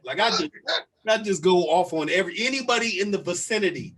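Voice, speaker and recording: A young man co-hosting a casual podcast, an animated storyteller who acts out the people he quotes. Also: high-pitched, fast talker, breathy edge. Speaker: podcast co-host.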